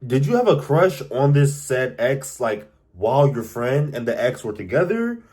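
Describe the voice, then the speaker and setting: A man's voice: mid-range voice, very animated, moderate pace, a little mellow. A young man reacting to anonymous confessions in casual commentary, incredulous and repeating his lines for emphasis.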